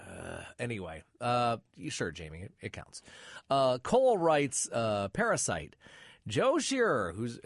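A man's voice: mid-range voice, no room sound, clean studio sound. A man hosting a podcast, reading out listener messages with wry asides, and sounding middle-aged. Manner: wry, lively asides between quick read-outs. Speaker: podcast host.

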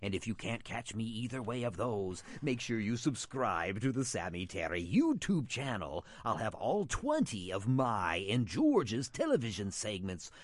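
A man's voice: fairly low pitch, big pitch swings, unhurried, few pauses, no echo. A man playing a macabre horror show host, dramatic and spooky in delivery. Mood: upbeat promo. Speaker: guest.

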